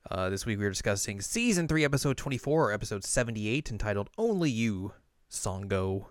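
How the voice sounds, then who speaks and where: A man co-hosting a casual anime recap podcast, joking as he acts out characters in quick asides. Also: on the low side, animated, dry recording, clean studio sound. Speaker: podcast co-host.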